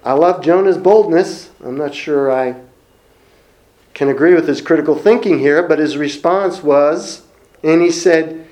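Middle-aged male preacher, fairly high voice, earnest and reflective delivery. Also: a little mellow. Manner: earnest, reflective, with pauses and repeated phrases. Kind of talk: sermon.

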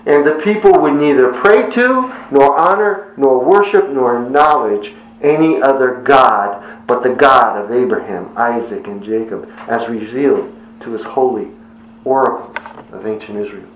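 A middle-aged man gives a devotional sermon, earnest and measured, stretching out the words he wants to stress. His voice sits at an ordinary pitch and carries a roomy echo. A faint hiss of room sound sits behind him. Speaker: preacher. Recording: echoey room with faint ambience.

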